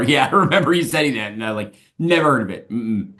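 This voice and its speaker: A man in his thirties co-hosting a casual movie podcast, relaxed and hesitant, often restarting his sentences. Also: medium pitch, a little fast. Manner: relaxed, hesitant with fillers and repeats. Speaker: podcast co-host.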